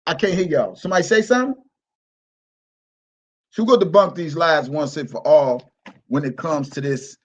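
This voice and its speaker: Guy with a high voice ranting on his livestream, mocking, repeats himself, swears a lot. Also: normal speed, long pauses, poor audio. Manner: mocking, repetitive, profane. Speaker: livestream host. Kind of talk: heated livestream rant.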